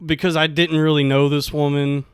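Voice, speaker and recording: A man's voice: fairly high pitch, flat delivery, normal speed, clean tone, dry recording, clean studio sound. A young man telling a comic story on a podcast, laughing often through his own account. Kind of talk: casual comedic storytelling.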